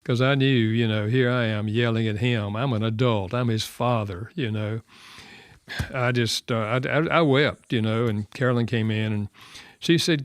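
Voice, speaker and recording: Older Southern American man, gravelly voice. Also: fairly low pitch, normal speed, dry recording, studio quality. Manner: earnest, reflective, softening to quiet. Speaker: radio show host and author. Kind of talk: storytelling in radio chat.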